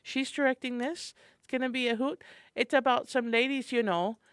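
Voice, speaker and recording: A woman co-hosting a morning radio show cheerfully reads through a calendar of community events, chatty and enthusiastic. Her high voice is steady, clear and resonant at a moderate pace. She speaks into a studio microphone in a radio studio, with no echo.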